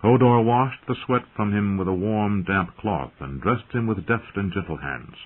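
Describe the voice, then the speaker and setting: A man narrating an audiobook in a steady, dramatic storytelling manner, heard through a narrow, phone-like sound. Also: fairly low pitch, moderate pace, husky. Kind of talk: scripted narration.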